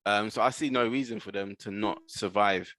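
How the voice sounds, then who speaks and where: A man in a casual football chat, prone to laughing and filling pauses with um. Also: on the low side, fairly bright tone, soft background music. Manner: giggly, fills pauses with um.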